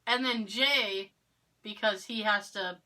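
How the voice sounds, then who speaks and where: Podcast co-host, woman from Massachusetts, clear bright tone, a storyteller who acts out the other voices. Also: medium pitch, slow pace. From Massachusetts, near Cape Cod. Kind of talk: casual chat.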